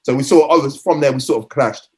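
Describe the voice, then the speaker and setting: A man's voice: medium pitch, fast. A middle-aged man, a former footballer telling rambling anecdotes in a podcast interview, often restarting and acting out quotes.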